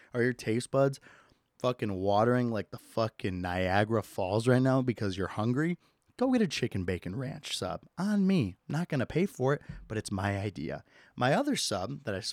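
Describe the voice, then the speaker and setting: A man's voice: medium pitch, no room sound. A young adult man hosting a solo comedy podcast, ranting with mock disgust and plenty of swearing into a close mic. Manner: animated, profane, mock-disgusted. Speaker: podcast host.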